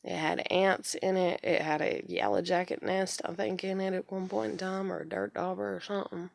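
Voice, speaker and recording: A woman's voice: lowish voice, fairly even intonation, normal speed, vocal fry, no room sound. A woman in her thirties venting in a rambling, frustrated way and swearing often, in a casual monologue. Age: 30s. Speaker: vlogger.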